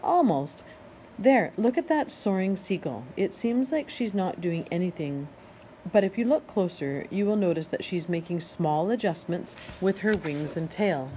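A woman voicing a patient female robot mother, speaking in a measured, instructive way. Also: lowish voice, animated, dark tone, slight background noise, rough recording. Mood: calm.

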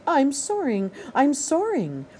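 A woman voicing an eager young male gosling in a squeaky, excited voice. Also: normal speed, slight background noise, natural voice. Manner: excited, exclaiming.

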